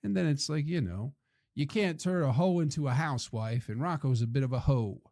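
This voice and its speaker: A young man rambles through a comic story, profane and exasperated. His voice is dark and mellow. The sound is dry and close, with no room around it. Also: medium pitch, expressive, brisk, no echo. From Flint, Michigan. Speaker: podcast host, comedian.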